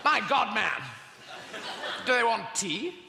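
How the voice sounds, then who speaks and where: A man's voice: very high voice, sing-song, slow, gravelly, voice pushed up, exaggerated voice. A man with a stand-up comedy voice playing a fussy, plummy upper-class English space officer. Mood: flustered. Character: flustered posh British male space officer. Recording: echoey hall, loud crowd noise.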